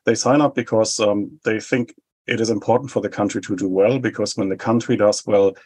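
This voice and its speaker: A man in his forties with a New Zealand accent, explaining his views in a measured way in an interview. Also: on the low side, steady tone, darkish tone, husky. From Germany. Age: 40s. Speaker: think tank head. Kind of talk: interview answers.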